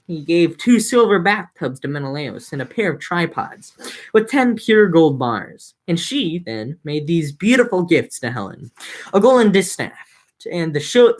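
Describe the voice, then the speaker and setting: Young woman reading old poetry out loud, lowish voice, jokey asides. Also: big pitch swings, a little slow. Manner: mixes reading with joking slangy recaps. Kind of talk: casual reading with comic summaries.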